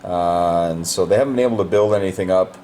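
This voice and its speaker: A man's voice: sits low, fast, dark tone, slight background noise. A man casually walking through the state of a board game, explaining moves in a loose, rambling way with many fillers.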